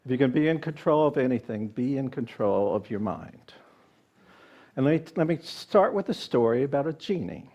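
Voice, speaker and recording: A man's voice: medium pitch, sing-song, moderate pace, a little mellow, highs cut off. A man minister giving a sermon to a congregation, a jokey storyteller who turns reflective when he teaches. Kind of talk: sermon with jokes and readings. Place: spiritual center service before a live audience.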